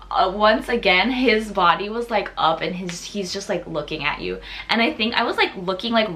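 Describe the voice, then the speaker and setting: A young woman vlogger telling a chatty, excitable story in casual storytime style, with lots of "like" fillers. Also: mid-range voice.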